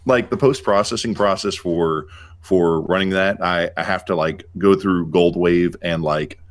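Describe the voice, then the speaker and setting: A man's voice: low voice, unhurried. A man co-hosting a casual podcast, talking in long rambling runs with many fillers. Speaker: podcast co-host. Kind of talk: casual chat. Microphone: home podcast mic.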